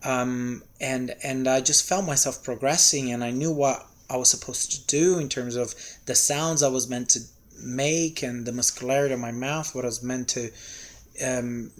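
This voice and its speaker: A man who works as an actor, giving an enthusiastic testimonial in quick bursts. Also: mid-range voice. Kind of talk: spoken testimonial.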